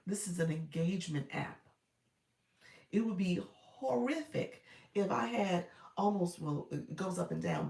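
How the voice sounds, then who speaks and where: A woman's voice: lowish voice, vocal fry, darkish tone. A woman coaching viewers through a live stream in a chatty, colloquial way, greeting people as they come in. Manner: chatty, greets viewers by name mid-sentence; colloquial, uses y'all and ain't. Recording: roomy, distant from the mic.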